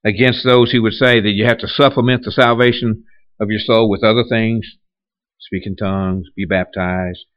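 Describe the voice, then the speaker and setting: A man's voice: deep voice, dry recording, dull audio. A man preaching a sermon in a conversational way, with rhetorical questions and many restarts. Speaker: pastor.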